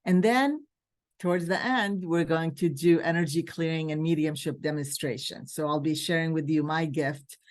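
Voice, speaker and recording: Woman, from Palestine, lowish voice, earnest, emotional, urging, spiritual gathering host, video call mic. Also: a little mellow. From West Bank, Palestine. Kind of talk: heartfelt talk to a virtual group.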